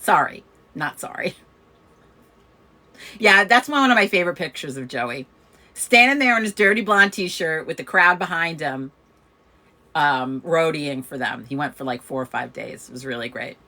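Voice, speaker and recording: This woman hosts a community coffee chat in a deep voice, moving at a moderate pace with long pauses. Chatty and quick to laugh, she tells a story and does lively turns as the people she quotes.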